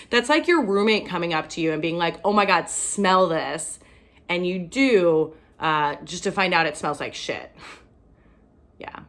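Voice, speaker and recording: Young woman, stand-up comedy, self-mocking, chuckles at her own lines, lowish voice. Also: lively intonation, a little slow. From Ohio, USA. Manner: self-deprecating, laughs at her own jokes.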